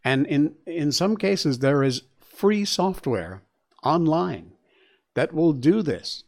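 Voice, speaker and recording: A man's voice: on the high side, lively intonation, slow pace, darkish tone. A man hosting a show, reading news stories aloud and reacting with chatty, exclaiming asides. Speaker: show host. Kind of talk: casual commentary on news stories.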